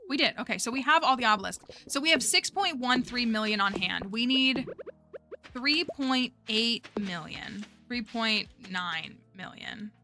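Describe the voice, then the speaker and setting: A woman's voice: fairly high pitch, lively intonation, a little slow, music in the background. A woman streaming a game, chatting casually as she plays, thinking aloud and talking to her viewers. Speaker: livestreamer. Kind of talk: casual gameplay commentary.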